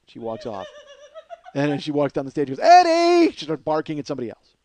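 A man hosting a podcast, telling a long story in a casual, animated way, swearing and acting out what people said. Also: medium pitch, fast. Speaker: podcast host.

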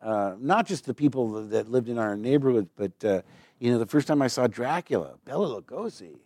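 A man's voice: mid-range voice, lively intonation, fairly quick, a little mellow, no room sound. Rambling man telling stories, dry sound. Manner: rambling, digressive storyteller; slips into mimicked accents. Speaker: guest actor. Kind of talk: live on-stage conversation. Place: stage before a live audience.

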